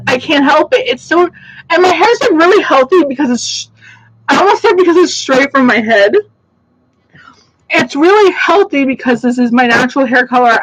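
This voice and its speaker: A woman's voice: a little high, a bit bright, low-quality recording. A young woman chatting casually on a livestream from her plant-filled home, rambling with lots of "like" fillers and frequent laughs. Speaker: host. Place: home room full of plants.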